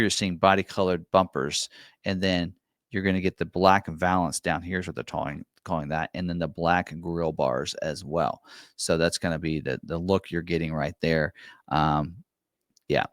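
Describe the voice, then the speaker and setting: In a clean, echo-free studio recording, a low-pitched man speaks at a moderate pace as he casually goes over truck packages and prices for a car dealership. He's relaxed, leans heavily on fillers like "um," and keeps saying "for you."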